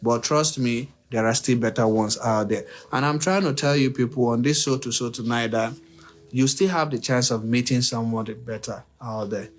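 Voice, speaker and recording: A man's voice: mid-range voice, normal speed. A man hosting a livestream, giving relationship advice in an unscripted monologue. He repeats his points, asks his own rhetorical questions and speaks straight to his listeners. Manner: preachy, repetitive, uses rhetorical questions; addresses listeners directly and emphatically.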